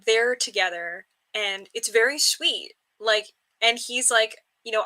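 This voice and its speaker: Young female co-host, bright voice, chatty, slips into quick character voices. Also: a little high. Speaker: book club co-host. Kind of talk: casual chat.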